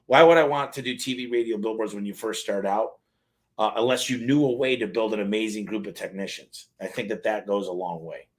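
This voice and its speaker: A man's voice: on the low side, fairly quick. A man hosting a casual live question-and-answer stream, talking loosely and reading lists aloud.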